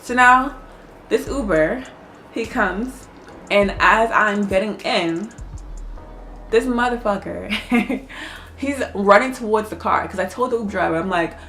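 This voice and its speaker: A woman telling a personal story in a casual vlog, animated, laughing often and swearing freely. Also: mid-range voice, a little slow, long pauses, a little hiss or hum.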